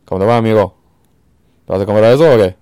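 A man doing a rapid impression of a Dominican man's Spanish, running his words together. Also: on the low side, warm tone, smooth, no room sound, studio quality, natural voice. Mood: loud, breezy. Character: fast-talking Dominican man, loud and breezy.

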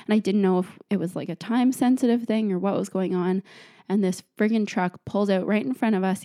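Warm-voiced woman telling a chatty story. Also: mid-range voice, dry recording, studio quality. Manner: chatty, full of "like" fillers, laughs often. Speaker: host. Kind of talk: casual storytelling.

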